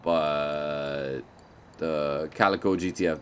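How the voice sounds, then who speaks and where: A man's voice: rumbling low, takes it slowly, a little hiss or hum. A man doing casual live-stream commentary on a video game, playful and slangy, often repeating himself and apologizing. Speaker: gaming streamer.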